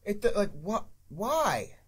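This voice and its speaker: A man's voice: high-pitched, sing-song, slow, husky. Profane, exasperated young man. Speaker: podcast co-host. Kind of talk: casual movie review chat.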